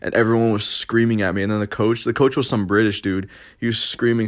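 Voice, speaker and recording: A young man with a lowish voice rambles through a casual storytime for his vlog. He leans on constant fillers and curses freely, drifting from point to point. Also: fairly even intonation, a little fast. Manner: rambling, filler-heavy, profane. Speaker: vlogger.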